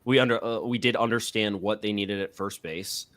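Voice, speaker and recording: A man's voice: fairly low pitch, fairly even intonation, moderate pace, fairly bright tone. A man co-hosting a podcast, chatting casually and thinking aloud, often repeating words as he starts sentences. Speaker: podcast co-host. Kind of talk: casual sports chat.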